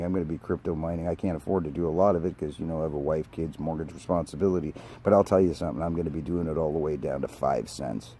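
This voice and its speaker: Deep-voiced older man ranting outdoors. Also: mellow, slightly rough. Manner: emphatic, blunt, swears casually. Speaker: network engineer. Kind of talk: ranting vlog monologue. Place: outdoors by a street.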